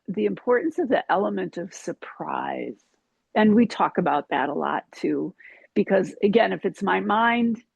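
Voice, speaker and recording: A yoga teacher talking slowly in a casual spiritual chat, halting with many ums and restarts. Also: female voice, mid-range voice, gravelly, a little mellow, breathy edge, no echo, muffled recording.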